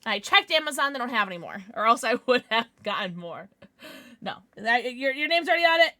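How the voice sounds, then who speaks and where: A woman livestreamer chatting casually and thanking subscribers, excitable, giggly and often apologetic. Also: a little high, brisk.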